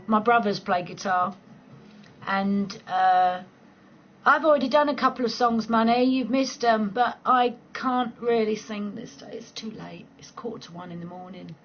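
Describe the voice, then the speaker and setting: A woman's voice: medium pitch, fairly bright tone, lo-fi sound, slight background noise. A woman, chatting casually and playfully on a late-night livestream from home, swearing freely and laughing often. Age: 40s. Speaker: livestream host chatting with viewers.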